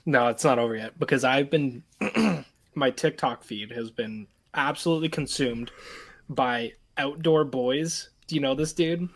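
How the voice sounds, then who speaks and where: A young man co-hosting a podcast in a relaxed, agreeable way, laughing easily as he chats. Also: mid-range voice, measured pace. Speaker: podcast co-host. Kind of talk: casual chat.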